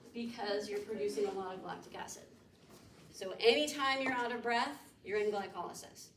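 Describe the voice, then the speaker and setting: A woman professor giving a classroom lecture, quizzing students and explaining step by step. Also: on the high side. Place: lecture room. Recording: echoey room mic from far off, background noise.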